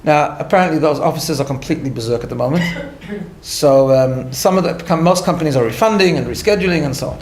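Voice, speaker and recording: A man, a rabbi, giving a conversational lecture, telling a story in an animated way with light laughter at his own asides and frequent restarts. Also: on the high side, fast talker, reverberant, noisy background. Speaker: rabbi teaching a class.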